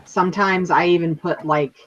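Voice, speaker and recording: Chatty woman talking fast w friends, laughs a lot, kinda dull lo-fi mic. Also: on the low side, steady tone, a bit bright. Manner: chatty, quick, laughs as she talks. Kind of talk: casual chat. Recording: slightly dull, lo-fi sound.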